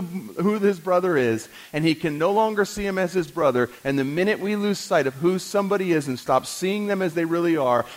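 A male pastor delivering a sermon in a dramatic, teaching manner. He questions his listeners, moves between hushed and forceful passages, and slows down to stress his points. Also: a little high, low-quality recording.

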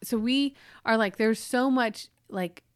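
A woman's voice: slow, clear, resonant tone, dry recording, studio quality. Woman telling an emotional family story. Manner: emotional storyteller, voice rising high when quoting. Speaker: podcast co-host. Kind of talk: casual chat, storytelling.

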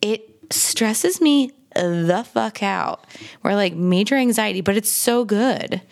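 A woman co-hosting a podcast in casual chat, talkative and quick to react, swearing freely. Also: medium pitch, creaky. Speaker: podcast co-host.

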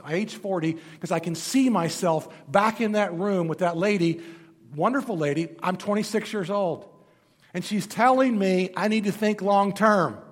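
A male pastor delivers a sermon full of stories, shifting between loud, emphatic lines and quiet, low passages. A long hall reverb hangs over the recording.

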